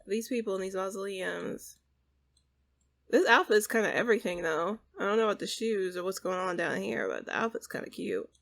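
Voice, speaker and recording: A woman's voice: medium pitch, fairly quick, vocal fry, a bit bright. Keep it loose and conversational: you're a young woman narrating your own life-sim game to your viewers, trailing off, restarting sentences, laughing between thoughts. Let real affection for the characters show without forcing it. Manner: chatty and rambling, laughs often, audibly sentimental. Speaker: gaming channel host. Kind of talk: casual let's-play commentary.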